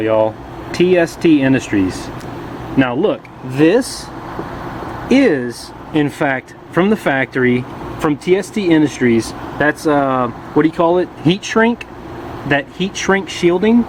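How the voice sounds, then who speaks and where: A chatty man talks through a repair job in a casual, joking way, his voice sitting a little high. He is filmed on a camera held in one hand in a garage, with a clear hum of machinery behind him. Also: darkish tone, poor audio. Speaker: motorcycle vlogger. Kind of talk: casual how-to commentary.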